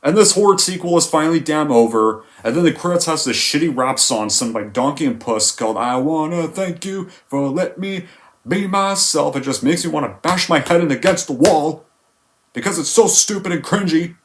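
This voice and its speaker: A man's voice: a little high, expressive, a little fast. Exasperated man ranting about a film. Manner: exasperated, emphatic ranting with swearing. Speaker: movie reviewer. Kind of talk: film review rant.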